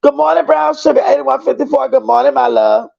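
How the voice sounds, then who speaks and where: Gravelly high-voiced man streaming gossip. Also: brisk, warm tone. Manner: chatty, emphatic, addresses viewers as y'all. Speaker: livestream host. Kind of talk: livestream gossip commentary, reading chat aloud. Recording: dull lo-fi stream audio.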